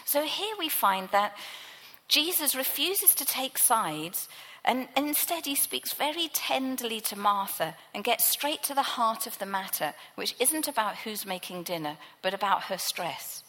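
A woman's voice: a little high, lively intonation, measured pace, pushed and bright, big-room sound, low-quality recording. A woman preacher giving a sermon, teaching from the Bible in a conversational way.

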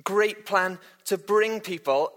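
Male preacher, bright voice, slightly high, chatty and joking with lots of fillers. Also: slow. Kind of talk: casual church talk.

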